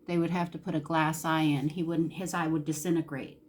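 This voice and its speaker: Her voice is low, level, brisk and a little mellow, with a little hiss or hum in the recording. This woman chats through a casual makeup tutorial as a beauty vlogger, speaking candidly and emotionally, saying "y'all" in a Southern style and sometimes nearly crying.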